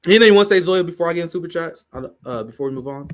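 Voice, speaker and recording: Male livestream host, high-ish voice, profane and fired up. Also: expressive, rapid-fire. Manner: fiery, profane, emphatic ranting. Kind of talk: livestream political commentary.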